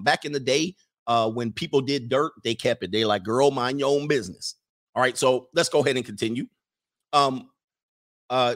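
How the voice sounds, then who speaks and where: A man giving casual, chatty commentary over film clips, repeating himself and dropping into character voices. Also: medium pitch. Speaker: video commentator.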